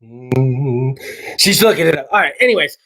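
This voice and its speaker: A man hosting his casual comedy chat show from home, loud and joking. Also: on the high side, animated, unhurried. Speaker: podcast host. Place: home studio.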